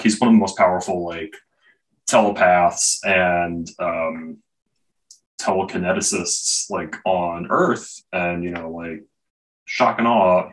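A man with a very deep voice co-hosting a comic book podcast. He talks slowly in a laid-back way, pausing often on fillers. He sounds a bit distant from the mic. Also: a bit bright. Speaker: podcast co-host. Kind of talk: casual chat reviewing comics.

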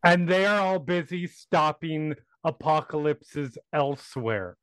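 Slow-talking man playing a tabletop game. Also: a little high, expressive, fairly bright tone, clean tone, dry recording, rough recording. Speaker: player. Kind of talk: casual tabletop play and narration of own character.

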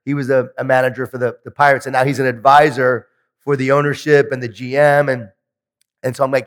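A man giving a motivational keynote speech at a conference, telling animated stories with self-deprecating humor. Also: mid-range voice, fairly quick. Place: large conference hall. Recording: long hall reverb.

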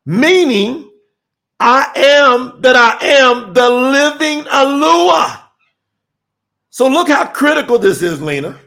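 High gravelly man teaching scripture. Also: lively intonation, takes it slowly, bright, forceful tone. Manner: emphatic, preacherly, dramatic quoting. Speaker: teacher and telethon host.

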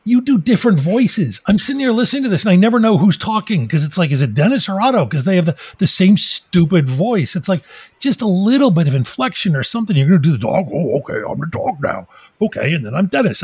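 A man in his thirties co-hosting a podcast, animated and sarcastic, swearing often as he rants. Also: a little high, husky, dry recording. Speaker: podcast co-host. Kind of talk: casual chat.

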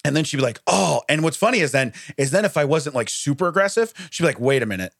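A man co-hosting a podcast in casual chat, an animated storyteller who acts out quoted voices and laughs often. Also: fairly high pitch, quick pace, creaky, no echo, studio quality. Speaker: podcast co-host.

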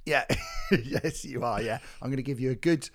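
Hoarse man hosting a podcast. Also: medium pitch, normal speed, over a noisy crowd. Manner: jokey, self-mocking banter with laughs. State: hoarse, recovering from lost voice. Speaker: podcast co-host. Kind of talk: casual chat.

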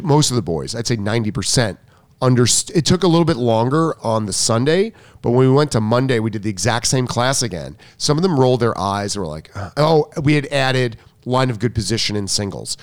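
A man's voice: medium pitch, dry recording. A middle-aged man, a tennis coach, chatting casually and rambling, often restarting sentences and acting out quotes. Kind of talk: casual chat.

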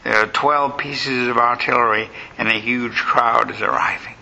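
Cold, urgent royal official pressing a king to flee, read by a male lecturer; sharp-edged, gravelly voice. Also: mid-range voice, steady tone, moderate pace, muffled recording. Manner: urgent, coldly warning.

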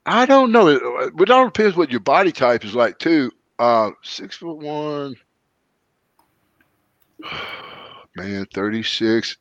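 A man chats casually as a podcast host and slides into loose, folksy stories. The audio is dry and a bit dull, like a low-fidelity recording. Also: slow pace, pauses often, no echo. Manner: folksy, rambling storyteller with lively quoted voices. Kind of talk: casual chat, storytelling.

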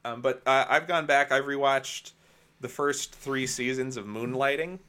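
A man co-hosting a casual podcast, rambling enthusiastically about films. His voice is bright and forward, and his talk is loose and full of fillers. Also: mid-range voice, unhurried, clean tone. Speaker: podcast co-host. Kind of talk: casual film chat.

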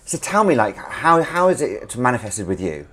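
A man's voice: medium pitch, big pitch swings, moderate pace, fairly bright tone. A man hosting a podcast, chatting enthusiastically with a guest. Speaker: podcast host. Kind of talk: podcast interview and read advert. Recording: music bed under voice.

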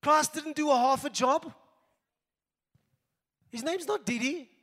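Middle-aged South African male pastor, high voice, emphatic sermon delivery, long church reverb. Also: slow pace. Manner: emphatic, swinging between raised exhortation and quiet asides.

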